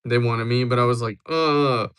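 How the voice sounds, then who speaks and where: A man's voice: medium pitch, moderate pace, a bit bright. A young man hosting a livestream, chatting casually and joking as he answers viewers. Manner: joking, rambling replies to chat. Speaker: livestream host.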